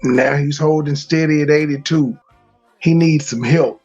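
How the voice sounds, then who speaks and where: A man's voice: a little high, fairly even intonation, measured pace, a little mellow, dull audio, soft background music. A man hosting a livestream who mocks and taunts another man in crude trash talk. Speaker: host of a commentary livestream. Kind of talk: mocking live commentary.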